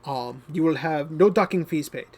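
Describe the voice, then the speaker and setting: A man's voice: on the high side, moderate pace, lightly acted. A man playing a flustered captain of the guard who stammers and restarts his sentences.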